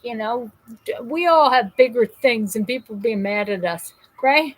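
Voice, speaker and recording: A woman's voice: a little high, a little slow, poor audio. A woman from New Jersey hosting a live stream, chatting casually, reading out viewer comments and rambling through stories with frequent restarts while in pain. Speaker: host of a live call-in show.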